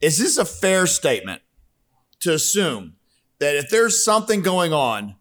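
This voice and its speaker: Bright, high-voiced playful host. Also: male voice, sing-song, measured pace. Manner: playful interviewer, poses questions, laughs often. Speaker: podcast host. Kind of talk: casual chat.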